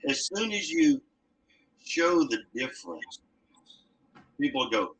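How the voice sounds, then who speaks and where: A male martial arts instructor joins the podcast as a guest and chats with a wry, joking manner. His tone is bright and forceful at a mid pitch, and he sits some distance from the microphone. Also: big pitch swings, slow pace. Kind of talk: casual podcast conversation. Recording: distant from the mic.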